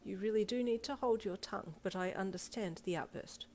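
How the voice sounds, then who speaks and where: A woman's voice: mid-range voice, a little fast, lightly acted, poor audio. A woman reading aloud voices a middle-aged woman principal who speaks formally and apologetically. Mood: firm. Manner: formal, apologetic, then tearful and soft.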